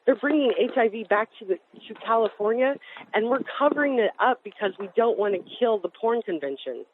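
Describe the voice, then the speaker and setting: A woman from Colorado giving personal testimony as an interview guest, talking in fast, urgent phrases that restart often. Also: on the high side, animated. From Colorado, USA. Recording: tinny phone-like line with faint hiss.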